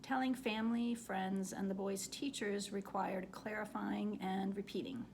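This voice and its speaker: Gravelly-voiced woman reading her own essay. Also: mid-range voice, fairly even intonation, unhurried, a little mellow, slight background noise.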